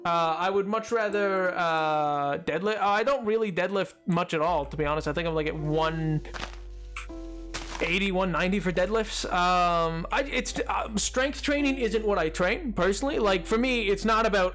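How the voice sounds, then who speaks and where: A man's voice: high-pitched, normal speed, fairly bright tone, soft background music. A young man streaming a game, chatting casually with his viewers in a rambling way full of restarts. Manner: rambling, talks to chat, many restarts and fillers.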